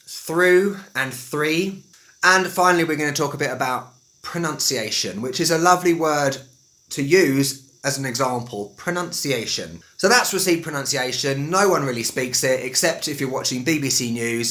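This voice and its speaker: A man from England with a West London accent, giving a chatty, jokey video lesson on accents. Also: mid-range voice. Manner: chatty and animated, jokey asides. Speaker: English teacher.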